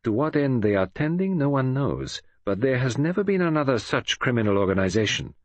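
A man reading an audiobook, voicing a precise, fussy older male detective who lectures with quiet confidence. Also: mid-range voice, very animated, brisk, no echo, close to an everyday voice. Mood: earnest.

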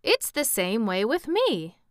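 A woman's voice: on the high side, huge pitch swings, slow pace, no echo, studio quality, voice pushed up, exaggerated voice. A woman voicing a pompous, severe male scarecrow king who speaks in a lofty, reproving way, in a storybook reading.

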